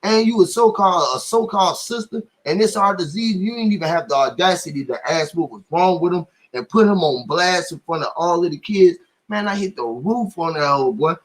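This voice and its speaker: A middle-aged man telling a story in casual chat, animated and profane, acting out what others said. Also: high-pitched, brisk. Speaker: guest storyteller.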